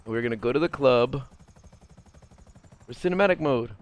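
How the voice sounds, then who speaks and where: A man streaming a video game, chatting casually with his viewers in a low, mumbly voice and swearing now and then. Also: normal speed. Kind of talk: casual gaming stream chat.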